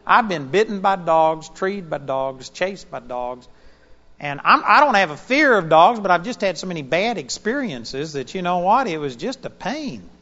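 Animated high-voiced preacher in a hall. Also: male voice, moderate pace, highs cut off. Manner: animated storyteller, voice jumping up and down in pitch and loudness. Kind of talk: sermon with personal storytelling.

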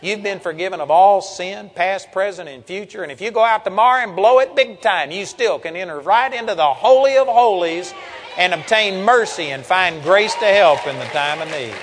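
A man's voice: high-pitched, animated, moderate pace, fairly bright tone, in a large hall, a little hiss or hum. An older man preaching a sermon in an earnest, folksy way, reading Bible verses aloud.

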